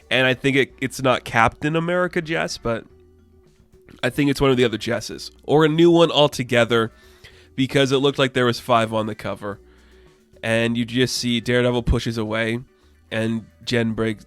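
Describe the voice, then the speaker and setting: A man's voice: medium pitch, normal speed, a bit bright, dry recording, soft background music. A man giving a casual, enthusiastic spoken review of a comic book, full of "like" fillers. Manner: chatty, enthusiastic, frequent "like" fillers.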